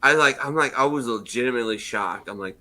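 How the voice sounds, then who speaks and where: A man in his forties trades rowdy stories on a casual talk show. His voice is bright and forceful, and he curses freely. He acts out other people's lines as he tells them. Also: medium pitch, fast. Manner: profane, loud storytelling with acted-out quotes. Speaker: podcast host. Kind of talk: casual bar-room chat.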